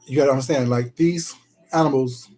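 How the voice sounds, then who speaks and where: A man's voice: mid-range voice, a little fast, mellow, faint music behind, low-quality recording. A man live-streaming himself eating, chatting casually and greeting viewers in the chat with pet names like "baby" and "sweetheart".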